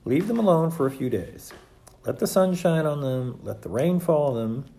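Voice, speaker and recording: A reader voicing a calm, kindly male frog in a storybook read-aloud, speaking gently and patiently. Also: medium pitch, moderate pace, a little hiss or hum, natural voice. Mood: reassuring.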